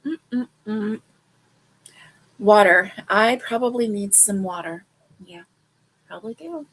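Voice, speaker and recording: Chatting straight to her viewers during a casual crochet livestream, a woman speaks at a measured pace in a mid-range, fairly bright voice. There's a little sleepiness to her, and her talk rambles with many fillers.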